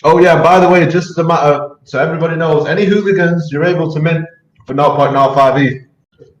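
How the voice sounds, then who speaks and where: A man's voice: a little high, steady tone, quick pace, dull audio. A man with a British accent hosting a casual community chat, talkative, with many restarts and easy laughs. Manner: chatty, repeats words, laughs easily. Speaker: project team member hosting community AMA. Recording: echoey voice chat.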